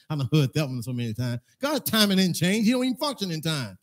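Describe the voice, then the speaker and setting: A man preaching a sermon, telling a personal story in a loose conversational way that keeps rising into loud, emphatic preaching in a church. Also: a little high, sing-song, quick pace, hardly any pauses. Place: church sanctuary.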